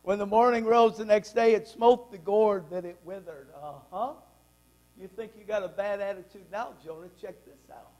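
A pastor delivers a sermon in a church sanctuary, his male voice sitting unusually high. He preaches with emphasis, reads scripture aloud and throws questions out to the congregation. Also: normal speed, a little mellow, lo-fi sound.

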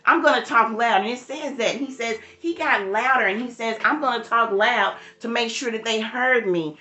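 A woman's voice: a little high, moderate pace, reverberant. Woman preaching a livestream devotional. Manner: preacherly, rising loud for emphasis, addresses viewers in the chat by name. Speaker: church devotional leader.

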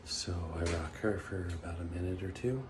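A father speaking quietly and matter-of-factly in a casual home video. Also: fairly quick, background noise. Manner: low-key, matter-of-fact, quiet.

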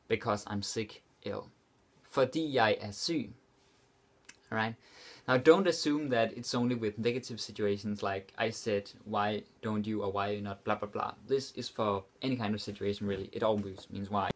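A young man runs a language lesson in a relaxed, casual way. His voice sits a little low. He says each example phrase slowly, repeats it, and then explains it. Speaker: language teacher.

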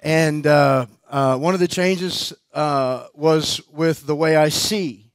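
A man with a fairly high, steady voice takes his time telling a personal story as a guest preacher at a conference. The sermon is conversational, with frequent laughter and many fillers and restarts, and the sound has no echo.

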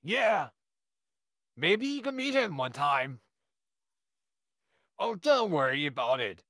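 A man's voice: a little high, big pitch swings, takes it slowly, sharp tone, no room sound, studio quality, full character voice. A man voicing an overexcited, friendly young neighbor who gushes and stammers, in a listener role-play. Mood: excited. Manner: eager, gushing, stammering.

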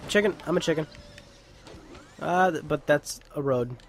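A man's voice: fairly high pitch, a little slow, slight background noise. A young man giving casual, joking gameplay commentary as a let's play host, laughing and swearing.

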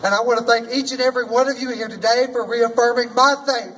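A man's voice: extremely high pitch, steady tone, quick pace, distant mic, noisy background. A man performing as a drag queen emcee, hosting a rally with a sassy, folksy manner and rallying the crowd. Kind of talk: rally speech. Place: outdoor rally.

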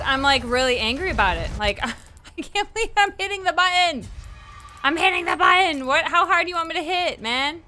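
A woman's voice: high voice, pushed and bright. A woman casually commenting on her own gameplay, exclaiming and swearing often as she plays. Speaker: gaming channel host.

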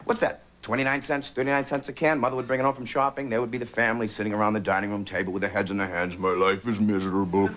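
A man from Boston doing an animated stand-up routine on a TV studio stage. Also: mid-range voice, racing, few pauses. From Boston, Massachusetts. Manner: animated, does many character voices. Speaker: stand-up comedian. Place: TV studio stage with live audience.

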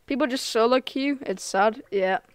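A woman streaming a game live, talking casually to viewers, excitable and giggly, full of slang. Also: a little high, moderate pace, smooth, no room sound. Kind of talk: casual live gameplay commentary.

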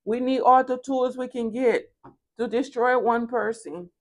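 A woman's voice: a little high, fairly even intonation, unhurried. A woman giving a spoken tarot reading, casual and chatty, repeating phrases for emphasis. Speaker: tarot reader.

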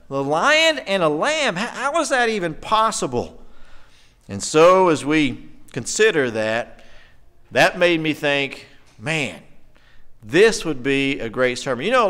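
A man preaching a conversational sermon in a church, animated and chatty, often putting questions to the congregation. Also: a little high, clear, resonant tone. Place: church sanctuary.

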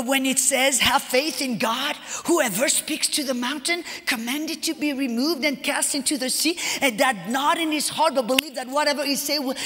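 A high-pitched woman delivers a sermon, retelling personal stories with animated energy and acting out the conversations. Her voice rings with long reverb in a large church hall. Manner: animated, acts out dialogue, repeats phrases. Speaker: guest speaker.

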